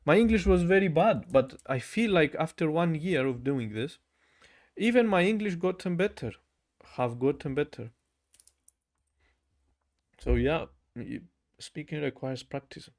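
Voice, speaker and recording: Recorded on a camera mic, a young German-accented man with a medium-pitched, slightly mellow voice chats casually as he livestreams his language learning. He reads out comments, laughs frequently, keeps saying "bro," and repeats practice phrases aloud.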